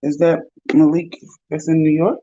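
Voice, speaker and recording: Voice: medium pitch, little pitch movement, moderate pace, mellow, slightly rough, no echo. A host chatting casually with livestream viewers, talking to the viewers and to pets along the way. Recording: dull lo-fi sound.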